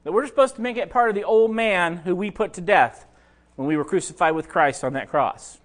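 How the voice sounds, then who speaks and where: A man's voice: sits high, fairly quick. A pastor preaching a sermon, talking conversationally and addressing his listeners directly.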